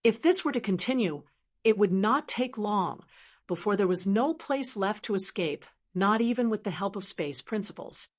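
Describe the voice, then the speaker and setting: A woman's voice: medium pitch, animated, normal speed, few pauses. Woman narrating a fantasy audiobook.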